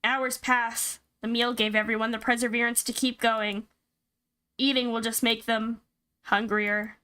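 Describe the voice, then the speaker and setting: A woman's voice: a little high, little pitch movement, unhurried, pushed and bright, clean tone. A woman streamer reading a horror visual novel aloud and reacting with startled outbursts. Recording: game music behind.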